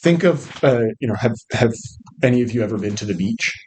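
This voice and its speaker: A man's voice: mid-range voice, lively intonation, a little fast, darkish tone, slightly rough, rough recording. A man teaching a literature seminar who asks questions, praises answers and keeps adding "right?". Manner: encouraging, asks questions, often adds "right?". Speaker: literature instructor.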